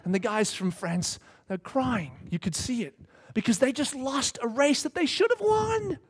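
A middle-aged man preaching a sermon, telling a story with swings from hushed lines to shouts. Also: extremely high pitch, lively intonation, moderate pace, breathy edge. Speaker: pastor. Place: church hall with congregation.

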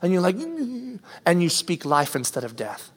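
A man's voice: a little high, animated, fairly quick. A man preaching a conversational sermon as a pastor, acting out everyday reactions, recorded with a long hall reverb.

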